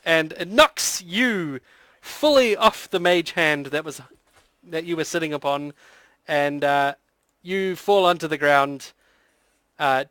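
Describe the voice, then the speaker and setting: A man's voice: a little high, a bit bright, clean tone, no echo. A man narrating as game master in a chatty, descriptive way. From New Zealand. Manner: chatty, laughing often, descriptive.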